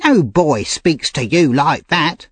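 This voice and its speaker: A man voicing a fretful, tearful middle-aged shopkeeper's wife who fusses in a shrill voice, for a storybook reading. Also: animated, slow pace, fairly bright tone, slightly rough, no room sound, heavily acted. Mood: indignant. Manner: high, fussing, shrill.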